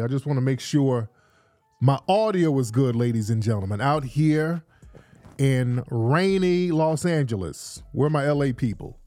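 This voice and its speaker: A man's voice: mid-range voice, darkish tone, no echo. Hyped man hosting a livestream. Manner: hyped, repetitive, addressing the audience. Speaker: livestream host. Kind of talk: casual livestream chat. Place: indoors, rainy day.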